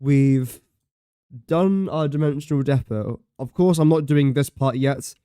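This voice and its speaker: Streaming a building game, a man gives casual commentary, thinking aloud as he counts and does sums under his breath and pokes fun at himself. His medium-pitched voice is mellow, clear and resonant at a measured pace, in studio-quality sound without echo.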